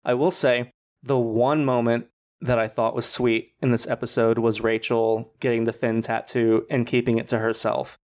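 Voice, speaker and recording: A man's voice: mid-range voice, little pitch movement, normal speed, a little mellow. A man co-hosting a podcast in casual chat, rambling and snarky with lots of filler words. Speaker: podcast co-host.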